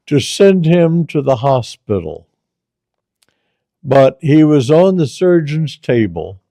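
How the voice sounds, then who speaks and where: A male storyteller who speaks very slowly and deliberately, leaning on repeated phrases for weight. His voice sits a little high for a man yet sounds mellow and dark, and it is recorded dry and close, with no room sound. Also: no echo. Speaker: storyteller host. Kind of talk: casual spoken storytelling.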